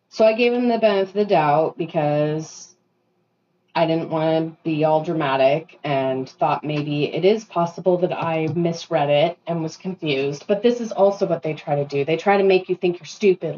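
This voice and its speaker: A woman in her thirties venting in a casual vlog, ranting and animated with self-deprecating asides while getting ready at home. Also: low voice, slight background noise. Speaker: vlogger. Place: bathroom at home. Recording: slightly dull lo-fi sound.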